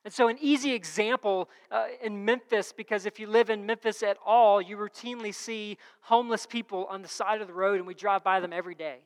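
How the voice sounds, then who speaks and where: A woman's voice: mid-range voice, steady tone, brisk, hardly any pauses. Woman preaching in an echoey hall. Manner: conversational, repeats key phrases, reads scripture aloud. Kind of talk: sermon.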